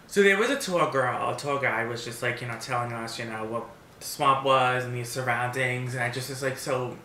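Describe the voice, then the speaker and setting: Bright-voiced man rambling in a roomy echo. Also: mid-range voice, fairly quick, slight background noise. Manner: rambling storyteller, many restarts and fillers. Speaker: mukbang vlogger. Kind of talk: casual chat. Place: home, seated eating at a table.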